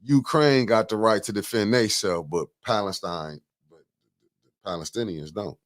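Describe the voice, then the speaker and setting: A man hosting a casual political talk show, talking in an animated, emphatic way, repeating words and cutting in. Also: lowish voice, a little slow. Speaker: host.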